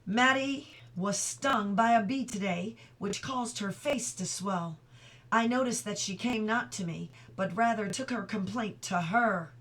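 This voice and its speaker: A middle-aged woman reading a novel aloud at home, steady and clear, now and then stopping for chatty asides. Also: mid-range voice. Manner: reads steadily, breaks off for chatty asides and laughter. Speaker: audiobook reader.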